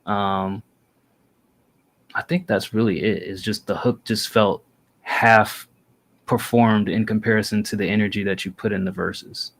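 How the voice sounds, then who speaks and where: A man with a lower voice talks through a track he just heard on a relaxed review show. He is measured and critical, pausing to find his words. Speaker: music review host. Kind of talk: casual review chat.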